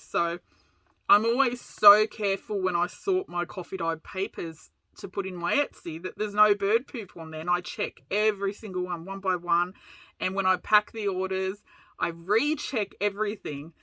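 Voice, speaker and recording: A woman's voice: mid-range voice, fairly even intonation, moderate pace, pushed and bright, dry recording. An Australian woman hosting a casual crafting vlog, telling rambling stories and laughing often. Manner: rambling storyteller, laughs a lot. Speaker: crafting channel host.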